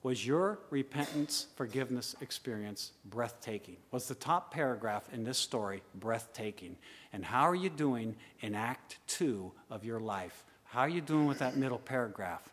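A man preaching a sermon, swinging from loud urging to hushed asides. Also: mid-range voice, lively intonation, normal speed. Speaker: pastor. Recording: long hall reverb.

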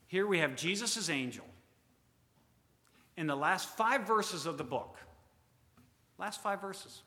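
A man preaching a sermon, asking the congregation rhetorical questions, rising to loud emphasis and then dropping to quiet asides. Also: fairly high pitch. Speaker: pastor. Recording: long hall reverb.

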